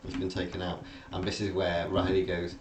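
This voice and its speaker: Deep, gravelly man, rambling. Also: completely flat delivery, fairly quick. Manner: rambling, hesitant, recounting plot with many fillers. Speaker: podcast co-host. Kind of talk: casual film discussion. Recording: roomy, distant mic, faint background noise.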